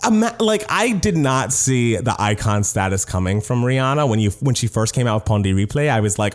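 Animated young man chatting about pop culture. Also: mid-range voice, a little fast, few pauses. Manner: animated, gossipy, heavy use of "like". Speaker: podcast co-host, actor. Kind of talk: casual chat.

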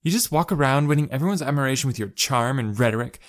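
A man's voice: mid-range voice, lively intonation, fast talker, pitched above the performer's own voice, natural voice. A man voicing a proud, hot-tempered young woman who mocks and threatens. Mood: mocking. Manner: mocking and threatening.

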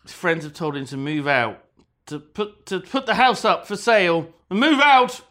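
Animated woman retelling a story. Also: on the low side, moderate pace. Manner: animated, laughs easily, hedging fillers. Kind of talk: casual chat, retelling a story.

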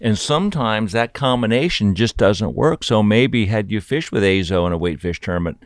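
A man hosting a relaxed interview, asking questions and adding brief comments. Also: lowish voice, normal speed, dry recording, clean studio sound. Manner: asks questions, adds short reactions and laughs. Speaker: interview host. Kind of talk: interview chat.

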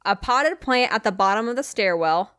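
A woman's voice: a little high, animated, normal speed, a bit bright, clear, resonant tone. A woman co-hosting a chatty podcast, retelling a haunting with casual swearing. She rambles into asides, then comes back to the story. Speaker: podcast host telling a true haunting story.

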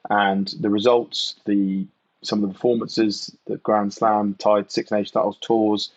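A man's voice: on the low side, level tone, measured pace, no echo, muffled recording. A man from England, a podcast guest and former rugby player, talking in a casual, reflective way, often saying "you know" and "mate".

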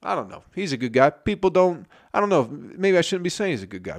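A man's voice: on the high side, very animated, fast talker, hardly any pauses. A man telling a story in a casual comedic monologue, profane and rambling, often interrupting himself.

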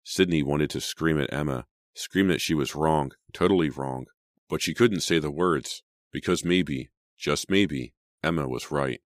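A man narrating an audiobook in a measured, suspenseful way. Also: extremely low pitch, dry recording, studio quality. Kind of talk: scripted narration.

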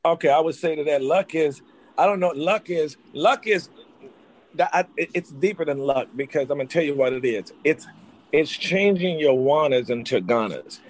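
A man from North Carolina, an actor, telling his life story in an interview with rapid, excitable talk full of restarts. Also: fairly high pitch. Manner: rapid, excitable, jumps back and forth with restarts.

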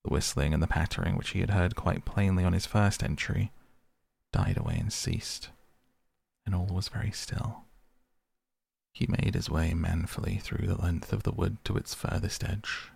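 A man reads a classic tale as a softly spoken bedtime story, slow and gentle. His voice is very deep, with heavy gravel and a husky, breathy edge. The sound is dry and close. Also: animated, dry recording. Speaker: podcast host and audiobook reader.

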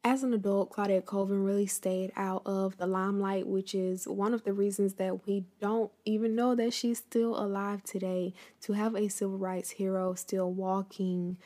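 Warm and level at a medium pitch, she talks at a moderate pace with hardly any pauses. She's a host chatting conversationally to her audience about a historical story before reading from a book.

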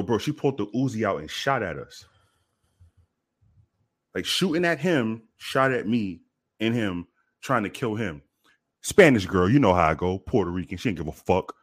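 A man from the Bronx telling stories in a casual chat, animated and profane, repeating himself as he goes. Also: fairly low pitch. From the Bronx, New York.

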